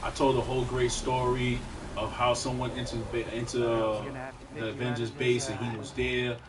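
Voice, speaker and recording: A male stream host cheering on and coaching a player with rapid, repetitive instructions. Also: mid-range voice, little pitch movement, crowd noise. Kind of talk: hyped game coaching commentary. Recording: distant mic with loud noise.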